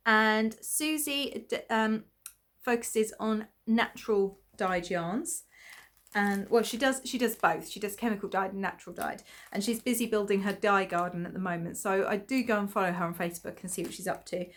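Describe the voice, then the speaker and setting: A woman from Essex, England, hosts a podcast in a rambling, chatty way, full of ums and little laughs. Her voice is medium in pitch, somewhat bright, and moves at a normal speed.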